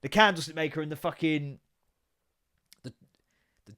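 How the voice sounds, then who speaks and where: A man in his thirties hosting a solo comedy podcast, ranting with lots of swearing, innuendo and quick mock voices. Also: fairly high pitch, bright, forceful tone. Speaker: podcast host.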